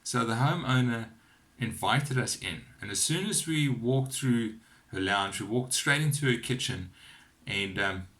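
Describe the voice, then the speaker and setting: A man telling a personal faith testimony to his camera at home, earnest and encouraging, with lively storytelling. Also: medium pitch, measured pace. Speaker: Christian vlogger sharing testimony. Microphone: camera on a cheap wobbly phone holder.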